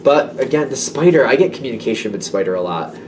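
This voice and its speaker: A man's voice: mid-range voice, expressive, fast talker, a little mellow, recorded from a distance, slight background noise. A man giving a casual tarot reading, rambling and self-doubting, with many fillers. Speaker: tarot reader.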